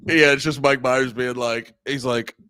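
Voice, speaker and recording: A man co-hosts a podcast, chatting casually about movies in a clear, resonant, medium-pitched voice at a measured pace, captured with dry, clean studio sound. He's animated, swears casually, and acts out quotes in funny voices.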